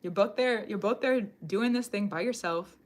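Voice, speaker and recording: A woman's voice: mid-range voice, moderate pace, background noise. Rambling woman giving a live psychic reading. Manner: rambling, animated, addresses viewer directly. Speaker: tarot reader. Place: home room.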